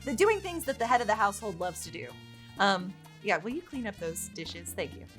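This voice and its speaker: A woman delivers let's play commentary in a chatty, excitable way, swearing freely. Her voice sits at a middling pitch but swings widely up and down as she reacts. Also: brisk, soft background music. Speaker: gaming YouTuber.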